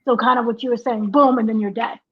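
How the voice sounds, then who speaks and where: Here an entertainment editor co-hosting a casual TV review speaks fast, with a fairly high pitch and fairly even intonation. She keeps it conversational, performing lines from the show as she goes, over dull lo-fi audio.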